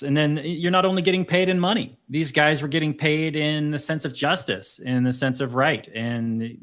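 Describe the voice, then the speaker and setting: A man co-hosting a podcast in a casual movie discussion, talking in an animated way that turns excited and mocking. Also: medium pitch. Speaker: podcast co-host.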